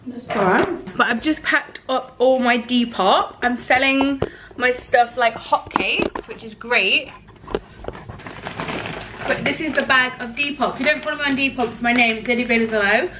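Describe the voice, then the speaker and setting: A woman in her twenties chatting casually for her vlog in her student flat, full of "like" fillers, her throat a little rough from a cold. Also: a little high, normal speed, noisy background. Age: 20s. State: slightly ill, throat rough. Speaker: vlogger.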